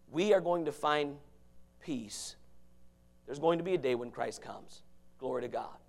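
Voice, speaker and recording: A man preaching a fiery sermon from the pulpit, dropping to low murmurs and then rising to shouts. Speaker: pastor.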